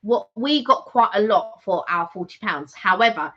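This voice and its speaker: A woman's voice: medium pitch, expressive, moderate pace, fairly bright tone. A woman co-hosting a casual live stream, opinionated and emphatic about food. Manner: opinionated, emphatic, laughs often. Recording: dull lo-fi live stream audio.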